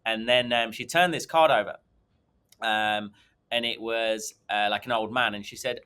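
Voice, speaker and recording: A man in his thirties, a guest on a podcast, telling a long personal story. He rambles with frequent ums and restarts. His voice is bright and forceful. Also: on the low side, steady tone, a little slow, clean tone. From England. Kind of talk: conversational storytelling.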